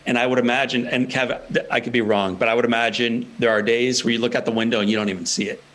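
A man's voice: medium pitch, little pitch movement, fast talker, a bit bright. Guy author on a podcast, preachy and emphatic, keeps stacking lines up. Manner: emphatic, rhetorical repetition. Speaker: guest author. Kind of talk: earnest interview answers.

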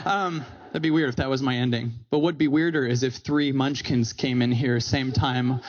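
A man giving a motivational talk with comic asides on stage, animated and acting out quotes in different voices. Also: mid-range voice, normal speed, dull audio. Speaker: speaker. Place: stage before a live audience.

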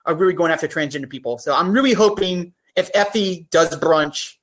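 A woman with a fairly low voice talks at a fairly quick clip as a podcast guest in casual conversation. She is earnest and heartfelt, talking her ideas through at length.

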